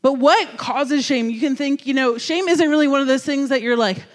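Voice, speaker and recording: A man from New Jersey giving a sermon as a youth pastor, telling a story in an animated, jokey, conversational way. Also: very high-pitched, moderate pace, in a large hall.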